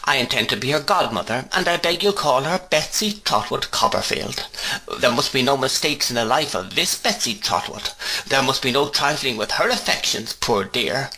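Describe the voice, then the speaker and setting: A man's voice: mid-range voice, animated, normal speed, bright, forceful tone, pitched above the performer's own voice, low-quality recording. A man reading aloud and voicing a stern, brusque older aunt who gives orders. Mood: imperious. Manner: clipped, emphatic, bossy delivery. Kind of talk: storybook reading.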